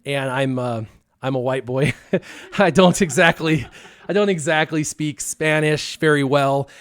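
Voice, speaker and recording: A man on a live stream telling a long personal story in casual talk, acting out his own past lines with lively bursts. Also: fairly high pitch, a little slow, no echo. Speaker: stream co-host.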